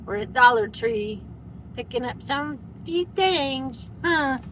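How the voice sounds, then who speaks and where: A woman's voice: high voice, expressive, slow pace. A woman vlogging from inside a vehicle and cooing at her dogs in baby talk. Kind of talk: casual vlog chat. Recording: loud vehicle noise behind.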